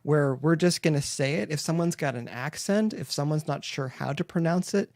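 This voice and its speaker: Podcast host, man, slightly high voice, chatty and rambling, dry close mic. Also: normal speed, darkish tone, no echo. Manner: chatty, rambling questions, laughs often. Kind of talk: casual interview chat.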